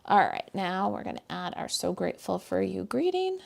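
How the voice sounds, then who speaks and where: A woman's voice: medium pitch, sing-song, normal speed, vocal fry. A woman demonstrating card stamping live from her home craft desk, chatting casually with viewers as she works. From United States. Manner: chatty, friendly, talks to viewers and her dog while working.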